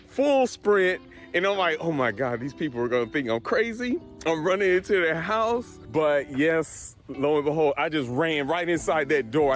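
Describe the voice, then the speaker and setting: A middle-aged man tells a story straight to camera with a casual, animated delivery, laughing now and then. His voice sits a little high for a man. Soft music plays faintly behind him. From Colorado, USA. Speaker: real estate appraiser.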